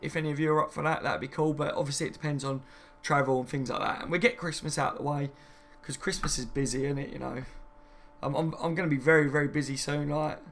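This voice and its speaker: A man's voice: on the high side, gravelly, slight background noise. A man hosting a casual live stream, chatting loosely and reading viewers' comments aloud before answering them. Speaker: fan channel host.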